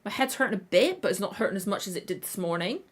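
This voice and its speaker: Tired and with a bit of a tender throat, a woman who hosts a reaction channel rambles on a casual livestream, correcting herself often. She has a medium-pitched, expressive voice and talks fast.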